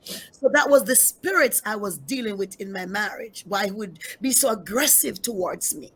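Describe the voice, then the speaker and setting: A middle-aged woman pastor telling her life story in an interview, with a gravelly, husky voice. She is emphatic and repeats her key lines for weight. She often turns to address her listeners directly. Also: mid-range voice, animated, normal speed, sharp tone. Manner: emphatic, repeats key phrases, speaks straight to the audience. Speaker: pastor giving her testimony. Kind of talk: emotional personal testimony in an interview.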